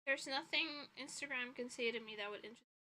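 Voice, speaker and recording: Her voice sits high, quick and sharp-toned, captured on a rough recording. The speaker is a vtuber streamer and illustrator in her home bedroom, chatting casually with giggles and curses, sounding worn out and blocked up in the nose.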